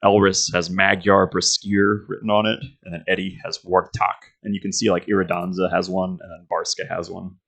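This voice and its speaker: A man with a deep, gravelly voice narrates a tabletop game as its game master. He describes each scene loosely, leaning on fillers and restarts as he goes. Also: flat delivery, normal speed, few pauses, fairly bright tone. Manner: rambling, filler-heavy description.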